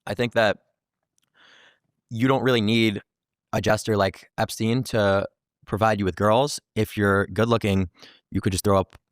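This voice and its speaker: A man's voice: fairly low pitch, measured pace, long pauses, dry recording, clean studio sound. A man talking casually and easily, with plenty of fillers. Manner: relaxed, with many fillers. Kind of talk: casual talk.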